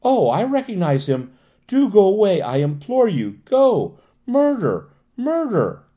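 A man's voice: mid-range voice, big pitch swings, a little fast, warm tone, lightly acted. A man reading the part of a genteel woman patient who breaks into terrified screams, in an audiobook. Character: genteel middle-aged woman patient, panicky.

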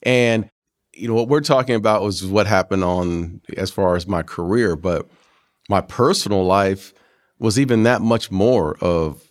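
A man in his fifties, a former pro football player, telling stories from his career in an animated way and acting out what others said. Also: lowish voice, a little slow. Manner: animated storyteller who acts out quotes, peppered with "man". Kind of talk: storytelling interview.

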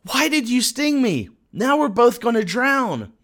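A man's voice: very high-pitched, sing-song, a little slow, fairly bright tone, pitched above the performer's own voice, exaggerated voice. A man voicing a wary, anxious frog in a spoken fable. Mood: alarmed.

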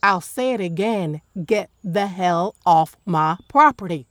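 A guarded recluse, played by a woman, issuing short, cold commands with a mid-pitched, even voice. She answers with curt, dry put-downs. The sound is dry and close in this audio drama. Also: moderate pace, dry recording, lightly acted. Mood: commanding. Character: suspicious reclusive woman in the woods, blunt and commanding.

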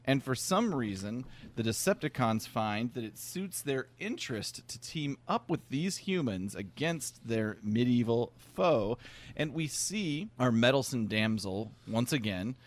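A man's voice: medium pitch, animated, unhurried. A man hosting a casual chat, recapping an episode plot and swearing casually.

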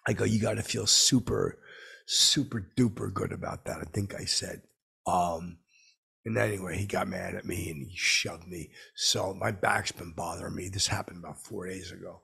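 A man's voice: deep voice, fairly even intonation, normal speed, vocal fry, sharp tone, breathy edge. A man hosting a comedy podcast, telling a rambling, boastful story as a clueless character.

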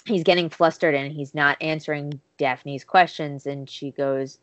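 A woman whose voice sits low speaks at a measured pace with no echo. She's a podcast co-host casually recapping a show, retelling scenes with lively, acted-out quotes.

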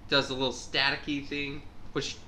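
A man co-hosting a casual podcast chat, an animated storyteller who acts out voices. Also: medium pitch, moderate pace. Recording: echoey room, faint hum.

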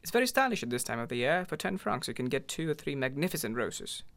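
A man's voice: medium pitch, sing-song, fast, gravelly, fairly bright tone. A man voicing an eager, fumbling young clerk husband in a story reading.

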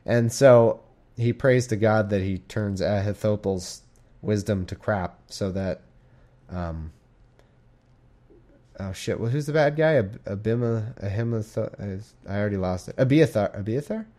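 Guy reading the bible out loud and joking around, rambly, keeps tripping on names. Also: fairly low pitch, measured pace. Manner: rambling, irreverent, swears, stumbles over names. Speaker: reader and commentator. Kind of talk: casual Bible reading with commentary.

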